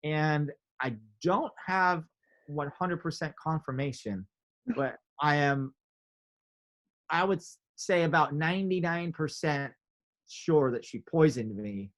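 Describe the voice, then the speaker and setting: A man telling a story in a casual interview, animated, filling his talk with "like" and acting out quotes. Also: fairly high pitch, slow. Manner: animated, many "like" fillers, acts out quotes. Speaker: podcast guest, drummer.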